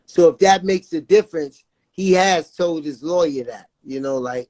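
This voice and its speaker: A man with a slightly raised pitch speaks with earnest, repetitive intensity as an interview guest, leaning on "you know what I'm saying". The recording is dry and close, with no room sound around him. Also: normal speed, darkish tone, dry recording. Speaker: guest, father of a jailed son. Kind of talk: emotional interview talk.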